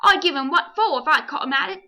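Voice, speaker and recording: A woman's voice: high voice, expressive, fast talker, pushed and bright, full character voice. A woman voicing a humble, plain-spoken male London cabman who talks in a bashful, homely way in a storybook reading. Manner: homely, bashful, folksy speech.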